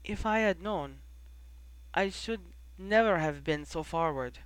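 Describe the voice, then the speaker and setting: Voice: mid-range voice, measured pace, fairly bright tone, clear, resonant tone, dry recording, natural voice. A reader voicing a timid, apologetic young witch. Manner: small, apologetic voice, formal phrasing.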